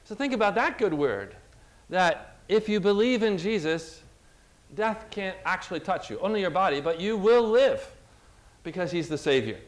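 A man preaching an earnest, heartfelt sermon, speaking warmly and personally as he retells scripture. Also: high-pitched, expressive, moderate pace. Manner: earnest, emotional, retelling scripture with acted quotes.

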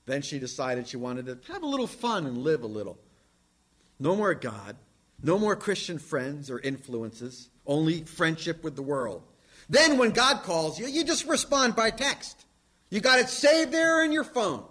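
Male pastor, high and lively voice, preaching with emphatic swings from loud to hushed. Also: measured pace. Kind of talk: sermon.

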